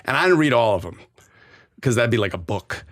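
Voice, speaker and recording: A middle-aged man talking as a podcast guest in casual chat, animated and profane, acting out the voices he quotes. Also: mid-range voice, a little fast. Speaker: podcast guest, divorce lawyer. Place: tent.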